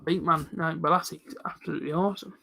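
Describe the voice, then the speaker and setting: A man's voice: fairly high pitch, steady tone, fast talker, vocal fry, pushed and bright. A man in his late twenties hosting a live football reaction stream, chatting casually and answering viewers by name. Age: late 20s. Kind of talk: casual live commentary reading chat.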